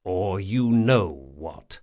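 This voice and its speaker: A man plays a big, powerful thief in an audiobook, loyal to the bone. His words come slow and measured, with a firm edge that can turn fierce. Pitch moves widely around the line. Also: animated, a little mellow, heavily acted. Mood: controlled firm. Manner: measured and firm, bursting into roars. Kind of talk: audiobook character voice.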